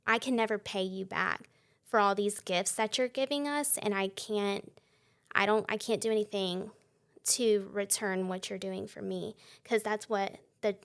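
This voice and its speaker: A young woman tells her life story as a podcast guest, her mid-pitched voice carrying a steady gravelly fry. She laughs often as she talks and acts out the lines of the people she quotes. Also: unhurried. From Texas. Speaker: guest sharing her testimony. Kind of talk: conversational testimony interview.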